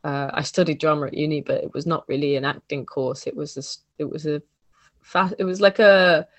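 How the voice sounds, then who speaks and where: Chatty podcast host, dry close sound. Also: male voice, on the high side, steady tone, brisk, a bit bright, dry recording. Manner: chatty, many restarts and "like" fillers. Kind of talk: casual podcast chat.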